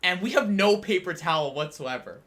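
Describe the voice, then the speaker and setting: Co-hosting a podcast, a young man spins a long, meandering anecdote full of fillers in a casual storytelling chat. His voice is high-pitched and a bit bright, animated, at a normal pace.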